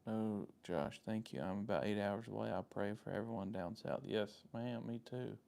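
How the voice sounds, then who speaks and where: Gravelly Southern man chatting with viewers. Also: on the low side, normal speed, darkish tone. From Southern United States. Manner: rambling, friendly, answers chat comments by name. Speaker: live-stream host. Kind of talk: casual live-stream chat with viewers.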